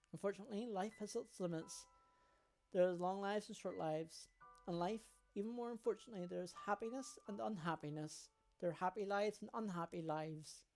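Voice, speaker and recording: A woman streamer reading a game's story text aloud in a steady storytelling way. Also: mid-range voice, fairly quick. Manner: steady storytelling, with a brief excited outburst. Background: faint game music.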